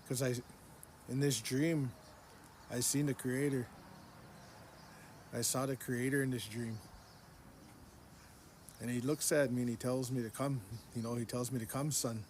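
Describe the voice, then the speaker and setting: A man's voice: mid-range voice, slight background noise. A man telling a story in casual speech to a phone, earnest, repeating his phrases and restarting sentences. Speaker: social media storyteller.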